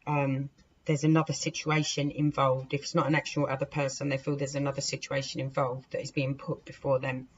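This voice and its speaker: A woman's voice: rumbling low, level tone, brisk, slightly rough. A woman giving a casual, rambling tarot reading to her viewers, chatting to the cards as she deals them. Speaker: tarot reader. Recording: dull lo-fi recording with faint hiss.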